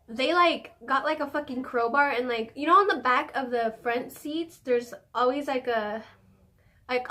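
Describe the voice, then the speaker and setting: Chatty, cussing young woman with a high-set voice. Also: bright, forceful tone. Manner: chatty, profane, filler-heavy storytelling. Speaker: vlogger. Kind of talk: casual storytime.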